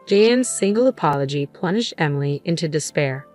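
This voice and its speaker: A woman with a low voice narrates a first-person story in a calm, even manner. Her reading is steady and measured, with faint background music underneath.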